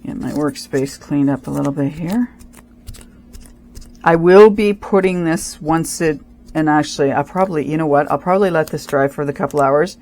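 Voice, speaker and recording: A Canadian woman hosts a casual craft tutorial in a low, darkish voice at normal speed. She thinks aloud, restarts sentences, and gives careful step-by-step instructions, with a little hiss or hum in the background.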